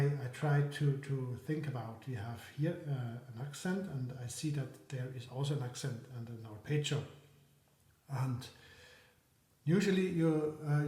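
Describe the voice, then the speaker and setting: A man giving a piano lesson, talking things through in a soft, reflective way while he plays. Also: fairly high pitch, echoey room. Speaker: piano teacher. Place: room with a piano.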